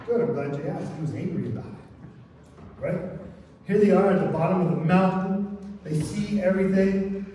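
A man preaches in a relaxed, conversational way, often tossing in "right?" to his listeners. His voice sits high and sounds mellow rather than bright. He is picked up from a distance in a church hall with a long, roomy reverb and a faint hiss underneath. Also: measured pace, long pauses. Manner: conversational, frequent "right?" asides. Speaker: pastor. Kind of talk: sermon. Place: church sanctuary. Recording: echoey church hall from far off.

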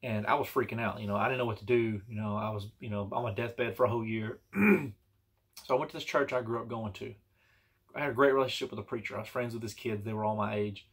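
A man's voice: on the low side, quick pace, breathy edge. A man telling a personal story in a casual, rambling and earnest way, with many restarts and fillers. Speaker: vlogger telling personal stories.

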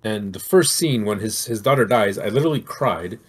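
A middle-aged man on a podcast, talking casually in a rambling, animated way about a show and games he loves. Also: fairly low pitch, moderate pace, breathy edge. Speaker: podcast co-host. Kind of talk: casual chat.

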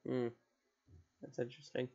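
A man's voice: medium pitch, little pitch movement, normal speed, gravelly, dark tone, highs cut off. A man streaming games at home, rambling and repeating words as he thinks aloud over faint music. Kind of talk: casual gameplay commentary.

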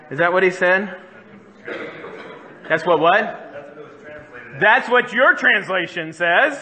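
A man's voice: sits high, big pitch swings, slow pace, pauses often, bright, forceful tone. A man pastor preaching a sermon in a church, conversational and often putting questions to the congregation. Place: church sanctuary. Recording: church hall reverb.

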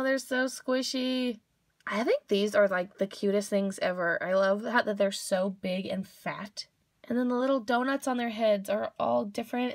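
A woman's voice: a little high, no room sound, clean studio sound. A young woman hosting a casual toy unboxing video, gushing over each cute toy with gasps and squeals.

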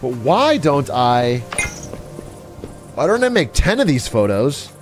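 A man streaming a puzzle game live, giving excitable, sarcastic commentary with frequent swearing and laughter. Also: mid-range voice, takes it slowly. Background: game music.

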